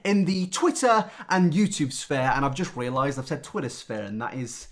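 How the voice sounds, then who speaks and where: A young man giving a satirical YouTube rant, mock-angry and sarcastic, jumping between loud outbursts and hushed asides. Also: a little high, expressive, normal speed.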